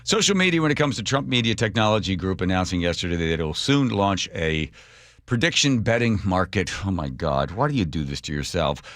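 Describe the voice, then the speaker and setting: Deep-voiced wry radio host. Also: male voice, a little fast, no room sound, clean studio sound. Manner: wry, animated, sarcastic asides. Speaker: radio talk show host. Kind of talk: casual talk radio commentary.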